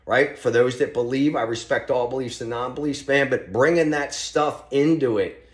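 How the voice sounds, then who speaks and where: A man talking as a podcast guest, telling stories in an animated, motivational way with loose restarts. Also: medium pitch, normal speed. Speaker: podcast guest, real estate team leader. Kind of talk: podcast conversation, storytelling. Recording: roomy echo.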